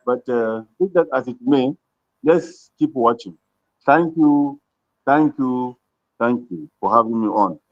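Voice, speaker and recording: A man calling in to a talk show, speaking calmly and hesitantly with many pauses and fillers. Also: mid-range voice, dry recording, lo-fi sound. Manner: hesitant, full of uh, calm. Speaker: caller. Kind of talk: measured call-in comment.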